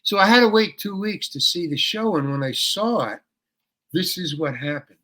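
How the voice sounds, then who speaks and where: An older man, an actor and interview guest, telling a story in a lively way and acting out the dialogue. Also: high voice, moderate pace. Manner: animated, acts out dialogue with swearing. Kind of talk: storytelling anecdote.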